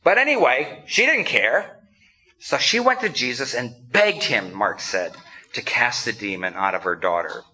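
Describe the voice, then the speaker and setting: A man's voice: medium pitch, lively intonation, unhurried, bright, forceful tone. A man preaching a conversational sermon, acting out quotes and laughing along as he tells the story. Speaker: pastor. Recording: dull lo-fi sound.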